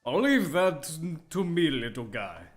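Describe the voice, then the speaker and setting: A man's voice: fairly high pitch, big pitch swings, unhurried, faint music behind. A man reading aloud the lines of an upbeat young man from a cabin game.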